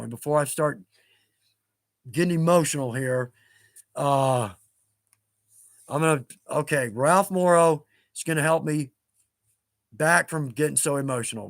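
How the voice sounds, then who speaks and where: A man in his fifties hosts a casual livestream, his voice sitting high for a man. He rambles through stories in a chatty, self-mocking way, chuckling often. The sound is close and dry. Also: measured pace, gravelly, pauses often, a bit bright, dry recording. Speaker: livestream host.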